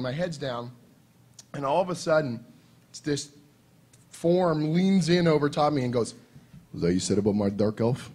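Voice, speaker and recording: Animated, profane male storyteller. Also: on the high side. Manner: animated, profane, laughing through his anecdote. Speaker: comics writer on a convention panel. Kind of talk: casual storytelling on a panel.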